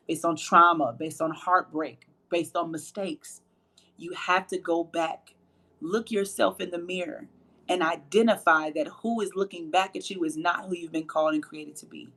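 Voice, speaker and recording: A woman with a low voice hosting a faith-based motivational livestream, emphatic and preachy, repeating phrases for emphasis. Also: a bit bright. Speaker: host and motivational speaker.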